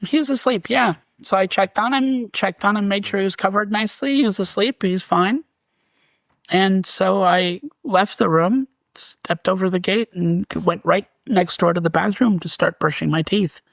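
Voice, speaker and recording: A man, a guest on an interview show, telling a story in an animated way and acting out what was said. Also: sits high, normal speed, vocal fry, no echo. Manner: animated, restarts and reenacts dialogue. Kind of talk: storytelling in conversation.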